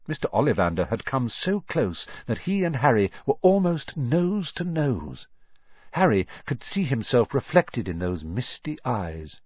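A man narrating a story aloud as an audiobook, with expressive, animated storytelling. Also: on the low side, moderate pace, breathy edge, dry recording, highs cut off.

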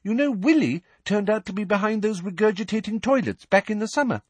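Give me a man playing a chatty kindly wizard father, husky voice, dry sound. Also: high-pitched, fairly quick, dry recording, voice pushed up. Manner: chatty, animated. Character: kindly middle-aged wizard father, cheerful and evasive.

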